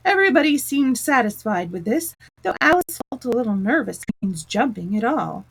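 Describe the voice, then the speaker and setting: A woman reading a children's storybook aloud in a gentle, expressive way. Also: a little high, fairly quick, creaky, slightly rough, rough recording.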